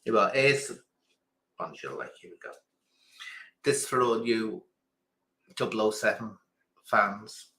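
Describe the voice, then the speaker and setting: A man with a lowish, expressive voice speaks a little slowly, pausing often in a sharp tone. He hosts a quiz on a livestream in casual chat, playing grand and theatrical in a self-mocking way and calling his listeners darling. The room is echoey.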